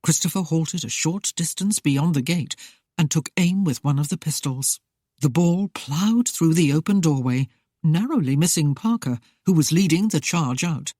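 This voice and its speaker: An audiobook narrator reading a historical romance in a steady, even way. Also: medium pitch, breathy edge, no room sound, studio quality.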